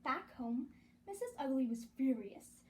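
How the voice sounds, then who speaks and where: A woman reads a children's story aloud with lots of expression. Her voice is high and moves up and down freely, keeping young listeners engaged. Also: a little slow. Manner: animated, expressive.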